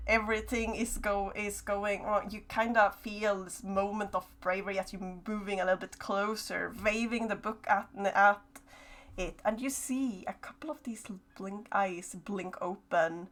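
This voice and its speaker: Slow, hesitant woman game master. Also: medium pitch, fairly even intonation, a bit bright. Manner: slow, hesitant narration with many fillers. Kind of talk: narrating a horror tabletop game.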